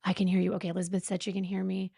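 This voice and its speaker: A woman's voice: medium pitch, completely flat delivery, very fast, creaky, warm tone, no room sound, clean studio sound. A young woman hosting a true crime livestream in a casual, jittery and anxious way, sighing and breathless. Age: young adult. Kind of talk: nervous casual livestream chat. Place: home streaming setup with a fan running.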